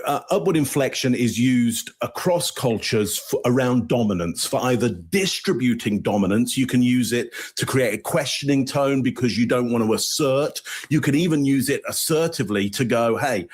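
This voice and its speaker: A man breaks down how a speaker's voice rises and falls, explaining at a steady, thoughtful pace. He pauses with ums and uhs and restarts his sentences as he works through the idea. His pitch sits in the ordinary middle range for a man. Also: breathy edge. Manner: explanatory, thinking aloud with fillers and restarts. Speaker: body language analyst. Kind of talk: expert commentary on a clip.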